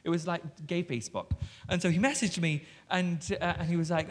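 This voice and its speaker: A man in his thirties with a Yorkshire accent, an animated and cheeky storyteller who talks on stage with lots of fillers. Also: on the high side, a little fast. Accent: English Yorkshire. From England. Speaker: guest author. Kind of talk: live stage conversation. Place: theatre stage before an audience.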